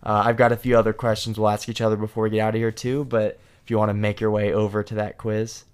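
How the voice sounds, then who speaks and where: A young male vlogger chats casually with his partner and co-host, joking, rambling and poking fun at himself. His voice is fairly low and clean in tone, level and quick-paced.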